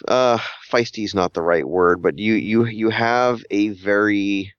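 A man with a lowish, smooth voice runs a tabletop game as game master, talking casually but haltingly, often restarting, repeating words, and searching for phrasing. The sound is dull and lo-fi with no echo.

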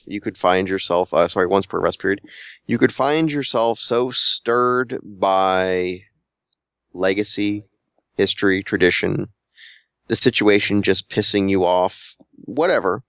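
A man's voice: deep voice, creaky, dry recording. A man running a tabletop game as game master, talking casually with frequent restarts and repeated words. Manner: halting, repeats words, searches for phrasing. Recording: dull, lo-fi sound.

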